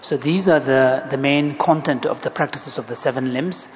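A man's voice: medium pitch, moderate pace. A man interpreting a Buddhist teaching, hesitant, with many ums and uhs. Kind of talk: interpreting a dharma talk. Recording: long hall reverb, faint noise.

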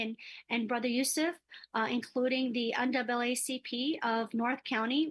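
A middle-aged woman talks with earnest conviction as a guest in a radio interview. Her voice sits a little high, and she stumbles now and then as she makes her case. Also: fairly bright tone. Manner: earnest, advocating, occasional stumbles. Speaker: community organizer guest.

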